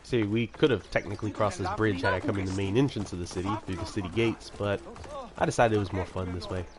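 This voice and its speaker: A man's voice: on the low side, fairly even intonation, quick pace. A man giving casual, rambling commentary while playing a video game, with chatty self-mocking asides. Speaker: let's-play commentator. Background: video game music.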